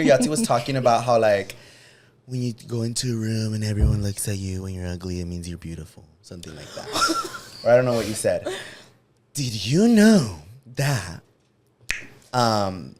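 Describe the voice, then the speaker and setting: A man's voice: on the low side, lively intonation, normal speed, darkish tone. Podcast co-host guy, super up and down voice, rambly, says like a ton. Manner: rambling, full of "like" and "um". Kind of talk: casual chat.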